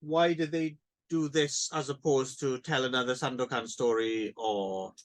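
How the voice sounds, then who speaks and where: A man's voice: medium pitch, steady tone, measured pace. A man co-hosting a casual film podcast, musing thoughtfully with hesitant restarts. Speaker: podcast co-host.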